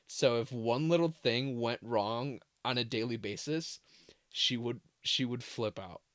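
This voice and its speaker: A man's voice: mid-range voice, unhurried, a bit bright, no echo, studio quality. A young man in his twenties telling a childhood story in a loose, casual vlog style from his parents' basement, full of "like" fillers. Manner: loose, filler-heavy, lots of "like". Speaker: vlogger.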